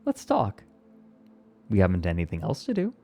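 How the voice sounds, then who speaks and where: A man's voice: on the low side, wildly swooping pitch, normal speed, gravelly, dark tone, soft background music, heavily acted. A man voicing a reckless astronaut who taunts and mocks his captain. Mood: mocking. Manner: mocking, taunting and defiant. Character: sneering, reckless male astronaut mutineer.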